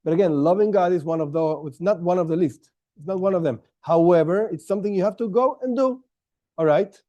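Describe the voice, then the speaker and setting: A man's voice: high voice, fairly quick, dark tone, lo-fi sound. Man teaching a Torah class, stressing words. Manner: explanatory, stresses key words, frequent restarts.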